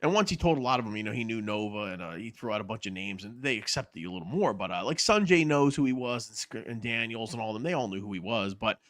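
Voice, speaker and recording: A man's voice: fairly low pitch, animated, quick pace, few pauses, a bit bright, dry recording. Rambling, candid podcast co-host, man. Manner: rambling, candid, swears casually. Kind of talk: casual chat.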